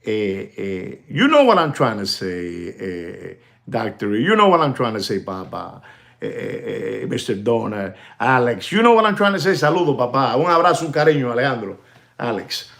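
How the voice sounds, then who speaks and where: A man hosting a casual livestream, talking in an animated, repetitive, conspiratorial way straight to his viewers, slipping into Spanish now and then. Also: medium pitch, normal speed, gravelly. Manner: conspiratorial, addresses viewers directly. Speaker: live stream host.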